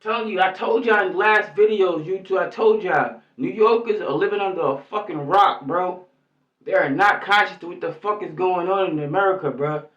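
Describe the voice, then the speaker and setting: A YouTube commentator from New York rants angrily and rambles in heavy street slang, swearing nonstop. His voice is high and fairly bright, moving at a moderate pace. The recording is lo-fi, echoey, distant and muffled.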